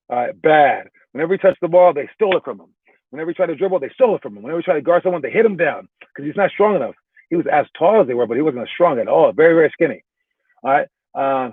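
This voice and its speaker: Young male hoops coach, loose chatty delivery, slightly high voice, tinny dry phone-like recording. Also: lively intonation, quick pace, breathy edge, dry recording. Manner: chatty, many fillers and restarts. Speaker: basketball coach. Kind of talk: casual recap and storytelling.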